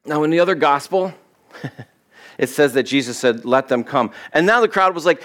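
A male pastor giving a sermon in a loose, conversational way, often acting out quoted voices with sudden jumps up in pitch. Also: animated, fairly quick, fairly bright tone.

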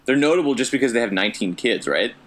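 A man's voice: medium pitch, lively intonation, quick pace, a bit bright. A man in casual comedic chat, talking hesitantly with many fillers, wry in tone.

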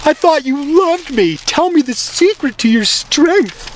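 Guy putting on a high squeaky pouty temptress, whiny and indignant. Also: expressive, unhurried, slight background noise. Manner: shrill, whiny pleading.

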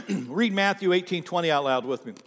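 A middle-aged man preaching a sermon as pastor, swinging from loud, emphatic declarations to hushed near-whispers and repeating lines for emphasis. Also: high voice, animated, moderate pace. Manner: repeats lines for emphasis, speaks directly to the congregation. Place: large church sanctuary. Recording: church hall with long reverb.

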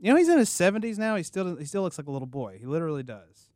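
An excitable male podcast host jokes and restarts his sentences as he chats. His voice sits fairly high and sounds smooth and clear, with a dry, close studio sound. He leaps from one thought to the next. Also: rapid-fire, no echo. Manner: excitable, jokey, stumbles and restarts often. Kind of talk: casual chat. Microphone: studio microphone.

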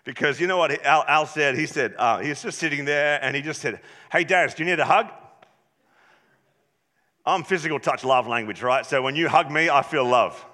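A man preaching a sermon as pastor, passionate and building up to shouts at times. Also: medium pitch, a little fast, hardly any pauses, big-room sound.

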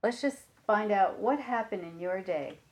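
A woman quoting a calm male colleague who soothes an agitated teen. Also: mid-range voice, a little slow, slight background noise, natural voice. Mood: soothing.

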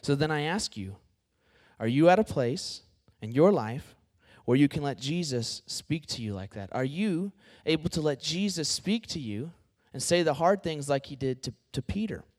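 A young man giving a casual, conversational sermon to a student group, animated and talking straight to his listeners. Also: on the high side, moderate pace. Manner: conversational and animated, addresses the group as "y'all" and "guys". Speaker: campus ministry speaker.

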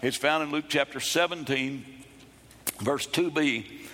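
A middle-aged man preaching a sermon, emphatic and repetitive, rising into sudden shouts. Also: fairly high pitch, a little slow, pauses often, in a large hall. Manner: emphatic preaching, repeats phrases, bursts into shouts. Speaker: pastor. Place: church.

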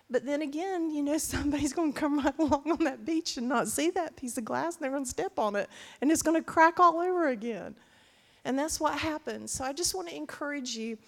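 A middle-aged woman, speaking as a co-pastor to her congregation in an earnest, rambling way with many restarts. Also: sits high. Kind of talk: sermon talk to a congregation. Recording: reverberant church hall.

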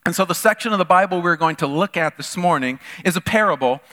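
A male pastor preaching in an animated, storytelling way, his voice high and bright. It rings out with a long reverb from a big hall. He slips into quoted voices as he tells his stories. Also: quick pace. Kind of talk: sermon. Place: church hall.

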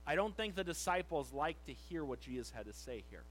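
A male pastor preaching a sermon, reading scripture slowly and shifting between loud emphasis and quiet. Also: on the high side, very animated, poor audio.

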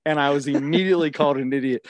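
Animated man in his thirties telling stories. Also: fairly high pitch, very fast, dry recording. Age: 30s. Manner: animated storyteller, quotes others in lively acted voices. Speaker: podcast co-host. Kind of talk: casual storytelling chat.

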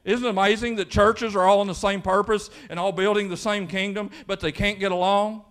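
A male pastor preaches by retelling a story with lively energy, often restarting his phrases. His voice sits high for a man. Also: fairly quick. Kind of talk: sermon storytelling.

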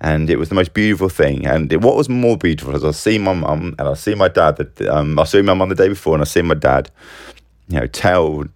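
A middle-aged man talking through a rambling, animated personal monologue, full of restarts. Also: a bass voice, a little fast, dry recording, studio quality. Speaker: business owner vlogger.

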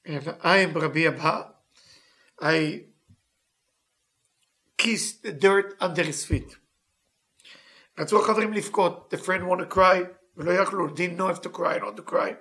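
Guy teaching live, reads a line then translates it in broken english, quick and bright, kinda high voice. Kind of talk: live text lesson, reading and translating.

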